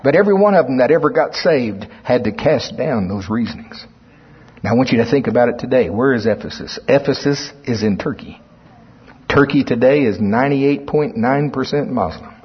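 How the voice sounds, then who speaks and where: A man's voice: medium pitch, animated, normal speed, husky. A man preaching a sermon, reading scripture aloud and explaining it, with emphatic swells in volume. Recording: muffled lo-fi recording in a reverberant hall.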